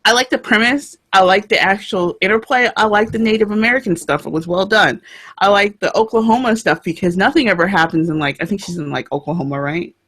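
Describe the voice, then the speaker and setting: A woman's voice: medium pitch, brisk, a bit bright, husky. A woman co-hosting a book show in casual chat, chatty and laughing often, trailing off mid-sentence.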